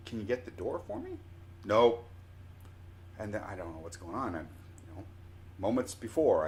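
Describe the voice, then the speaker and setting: A Canadian man in his forties tells a casual story with a somewhat low voice. He is animated and unpolished, trips over restarts and drops his voice on asides. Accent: Canadian English. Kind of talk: casual spoken anecdote.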